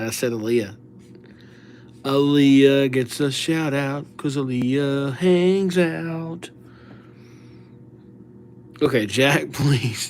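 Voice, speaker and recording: A middle-aged man chats with his stream viewers in an unhurried, easygoing way, handing out playful nicknames. His voice sits at an ordinary middle pitch. A faint hum of room ambience stays under the recording. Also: gravelly. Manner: chatty, greets viewers by name, playful nicknames. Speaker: livestream host writing viewers' names. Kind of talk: casual livestream chat.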